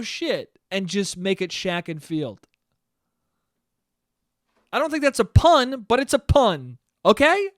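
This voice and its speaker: A young man talks alone into the mic, his voice sitting high and loose as he swears and rambles through his own casual podcast. He keeps making fun of himself. The sound is close and dry with no room around it. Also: a bit bright, no echo. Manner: profane, rambling, self-mocking. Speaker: podcast host. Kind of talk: casual solo podcast chat.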